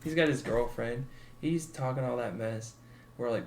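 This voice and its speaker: A man's voice: mid-range voice, normal speed, slight background noise. A man in his twenties on a podcast, telling a story casually and laid-back, acting out the people in it. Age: 20s. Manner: laid-back, acts out quotes with swearing and laughter. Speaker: podcast co-host.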